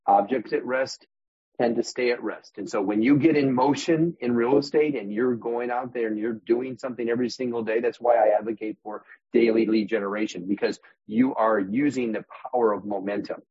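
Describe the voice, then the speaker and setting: A man's voice: medium pitch, fairly even intonation, brisk, slightly rough, dry recording. A man as a guest on a real estate podcast, talking animatedly and acting out voices and examples. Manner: demonstrative, acts out inner voices, uses props as metaphors. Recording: dull muffled podcast audio.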